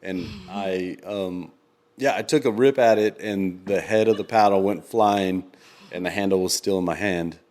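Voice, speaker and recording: A man co-hosting a podcast in casual chat, rambling with lots of ums and quick laughs. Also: deep voice, darkish tone. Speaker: podcast co-host.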